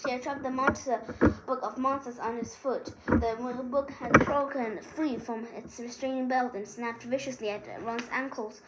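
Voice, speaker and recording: Halting woman reading a novel aloud. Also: fairly high pitch, steady tone, heavy background noise. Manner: halting, frequent restarts and fillers. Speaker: reader. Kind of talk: amateur audiobook reading.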